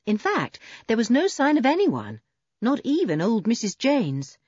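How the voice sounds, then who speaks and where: A woman reading a children's storybook aloud in an expressive, animated way. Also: on the high side, measured pace, husky, no room sound, dull audio. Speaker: audiobook narrator. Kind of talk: storybook narration.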